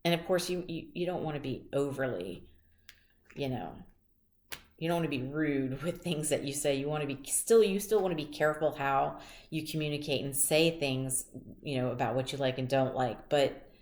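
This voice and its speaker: A woman's voice: rumbling low, normal speed, a little mellow, roomy sound. A woman giving a tarot reading, talking in a chatty, rambling way and telling personal stories. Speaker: tarot reader. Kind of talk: casual tarot reading monologue.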